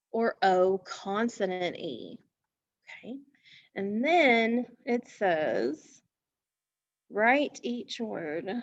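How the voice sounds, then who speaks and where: A woman teacher walks young children through a phonics lesson at a very unhurried pace, drawing out each word so they can hear the sounds. The recording is dull and lo-fi, with a dry, close sound and no room echo. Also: mid-range voice. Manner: slow, deliberate, encouraging, stretches words for emphasis.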